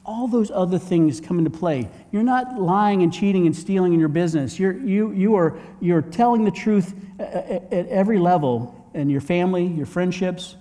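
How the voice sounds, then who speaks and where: Pastor preaching in a reverberant hall. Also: male voice, sits high, expressive, moderate pace, dark tone. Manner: conversational preaching, rhetorical questions to the congregation; frequent word repeats and restarts. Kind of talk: sermon.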